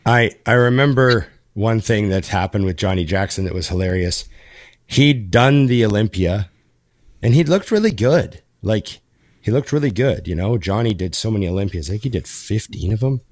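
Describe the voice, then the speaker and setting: A man's voice: fairly low pitch, moderate pace, no room sound, studio quality. Podcast guy telling a story, swears a lot, voice bounces all over. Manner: animated storyteller, swears freely. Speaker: podcast co-host. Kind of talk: casual podcast chat.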